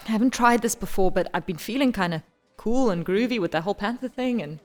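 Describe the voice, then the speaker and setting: A woman's voice: mid-range voice, fast talker, faint music behind. A woman from South Africa playing a tabletop game, speaking hesitantly with frequent restarts. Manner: hesitant, stammering. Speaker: player.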